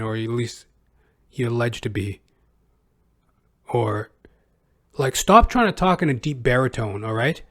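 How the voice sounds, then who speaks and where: A male podcast host giving rambling, sarcastic commentary. He talks casually with plenty of profanity and filler. His pitch sits in a middling range. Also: expressive, unhurried, pauses often, a bit bright.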